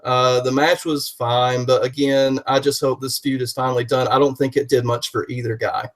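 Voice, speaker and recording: A man's voice: mid-range voice, level tone, moderate pace. A man with a Southern US accent, co-hosting a casual wrestling podcast in a folksy way, with homey sayings. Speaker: podcast co-host.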